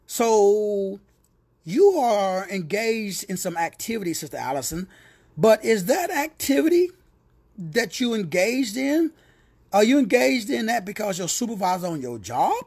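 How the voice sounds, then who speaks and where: A man's voice: high voice, slow, husky. A man teaching a word study in a preacher's style, repeating phrases, calling out listeners by name and slipping into playful teasing asides. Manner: animated, repetitive, calls listeners by name.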